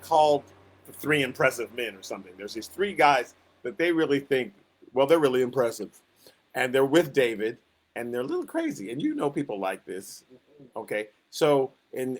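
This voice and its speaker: A man with a mid-range voice teaches a Sunday school Bible lesson conversationally. He acts out the quotes he tells, building rising emphasis.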